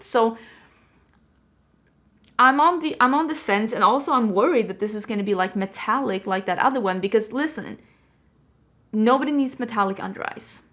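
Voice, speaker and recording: A woman's voice: fairly high pitch, a bit bright. A woman vlogger chatting casually about products, rambling with frank opinions, her voice a little stuffy from allergies. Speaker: beauty vlogger. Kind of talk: casual product review chat. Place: indoors at home.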